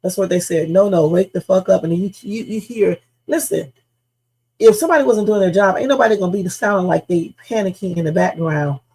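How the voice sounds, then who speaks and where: Gravelly, husky woman livestream host. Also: medium pitch, lively intonation, fairly quick, dark tone, low-quality recording. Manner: emphatic, speculative, repeats points with slang. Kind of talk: live reaction commentary.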